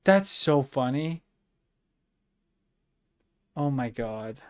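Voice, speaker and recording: A man's voice: medium pitch, lively intonation, extremely slow, smooth. A young man streaming live, talking casually, frustrated and swearing a lot as he vents about technical trouble.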